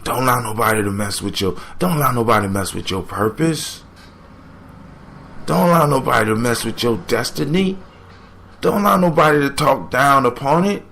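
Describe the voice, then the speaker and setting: A man's voice: medium pitch, normal speed, vocal fry, a bit bright, slight background noise. A man hosting a podcast, giving motivational commentary on a folk tale with preachy, emphatic repetition. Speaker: podcast host.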